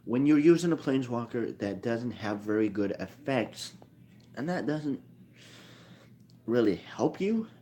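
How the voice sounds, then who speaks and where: A man's voice: medium pitch, expressive, measured pace, long pauses, warm tone. A man talking casually about a card game in a rambling monologue, often correcting himself as he thinks aloud. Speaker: card game video maker.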